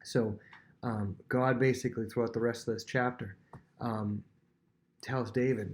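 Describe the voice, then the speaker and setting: With a mid-range voice, a measured pace and frequent pauses, a young man delivers an informal Bible lesson. He chats along with plenty of fillers and restarts, voicing the dialogue in animated tones.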